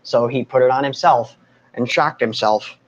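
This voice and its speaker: A man hosts a casual live stream in a mid-range voice at normal speed, chatting with viewers in a nervous, joking way and laughing often. He is also a recovery speaker, and the recording is muffled.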